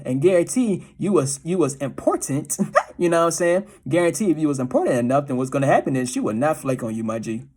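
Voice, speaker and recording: A man's voice: on the high side, darkish tone. A man talking casually about dating in a profane, slangy, often laughing monologue. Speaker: dating advice commentator.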